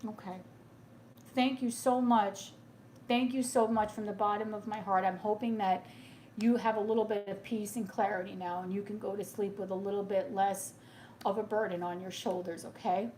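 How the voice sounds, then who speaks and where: A woman's voice: mid-range voice, fairly even intonation, normal speed, a little mellow, a little hiss or hum. A woman doing a live tarot reading for viewers, speaking in a soothing, reassuring way and often checking in with "okay?", sounding tearful and emotional. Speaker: tarot reader.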